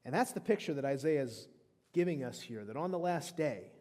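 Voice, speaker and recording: A man's voice: mid-range voice, expressive, fairly quick, mellow. A man in his thirties preaching a sermon as pastor, emphatic, with frequent restarts. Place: church sanctuary. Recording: long hall reverb.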